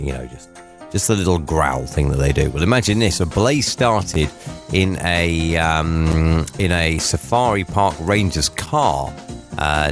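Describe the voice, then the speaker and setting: Man, radio host, deep voice, chatty and jokey. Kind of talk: casual talk radio.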